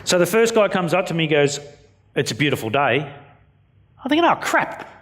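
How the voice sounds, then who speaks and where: A man's voice: a little high, big pitch swings, fairly quick, fairly bright tone. Blunt Australian man telling stories. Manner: blunt, self-mocking, acts out quotes. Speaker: keynote speaker. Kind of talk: storytelling keynote speech. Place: conference venue before an audience.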